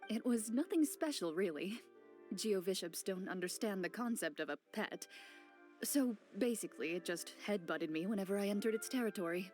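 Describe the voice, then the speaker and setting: An actress voicing a calm, composed champion duelist in a video game, speaking in a measured, reserved, quietly dry way. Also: female voice, mid-range voice, soft background music, natural voice. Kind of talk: game voice acting.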